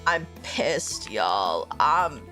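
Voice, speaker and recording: A woman's voice: rumbling low, very animated, extremely slow, pushed and bright, soft background music. A woman streamer giving casual gameplay commentary with dramatic, cursing outbursts, talking to her viewers. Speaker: vtuber streamer.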